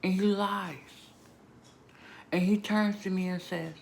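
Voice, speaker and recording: A woman vlogger giving an emotional, emphatic personal testimony, moving between hushed and loud moments. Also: medium pitch, steady tone, slow pace, gravelly, long pauses, a little hiss or hum. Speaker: vlogger sharing a personal story.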